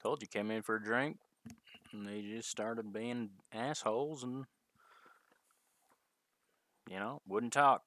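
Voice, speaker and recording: A man's voice: lowish voice, takes it slowly, long pauses, a bit bright, dry recording. A man playing a tabletop game, speaking in character in a defensive, exasperated way, with frequent swearing. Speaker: player.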